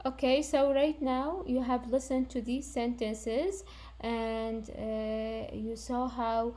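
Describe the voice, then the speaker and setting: A woman gives an English lesson in a slightly high voice. She explains slowly and patiently, with many fillers and restarts along the way. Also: flat delivery, mellow. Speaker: English teacher.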